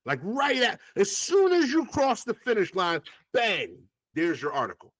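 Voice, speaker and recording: A male rapper, guesting on an interview, casually tells stories while swearing freely and acting out past conversations in an animated way. His voice is high-pitched and a little slow, with no echo.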